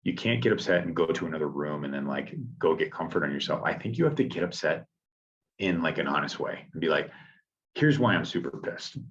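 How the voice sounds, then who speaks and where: Deep-voiced man on dull lo-fi audio. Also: lively intonation, quick pace. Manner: reflective, thinks out loud with restarts. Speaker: podcast co-host and father. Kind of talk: casual podcast conversation.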